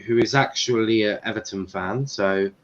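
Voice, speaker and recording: A man hosts a football watchalong stream, casual, blunt, and swearing, his fairly low voice moving at a moderate pace. The dull lo-fi stream mic carries faint noise.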